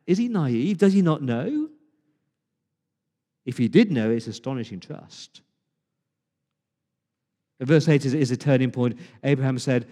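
A man preaching a sermon as pastor, speaking with passion, dramatic pauses and repeated words. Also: fairly high pitch, expressive, warm tone, in a large hall. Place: church.

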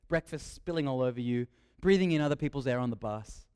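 A young man preaching a sermon, lively and joking, repeating his key phrases. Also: medium pitch, fairly quick, clear, resonant tone.

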